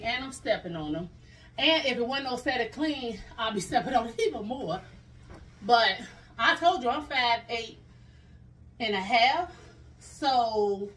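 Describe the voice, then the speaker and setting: A woman vlogger chatting casually through a clothing haul, animated and laughing often. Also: a little high, distant mic.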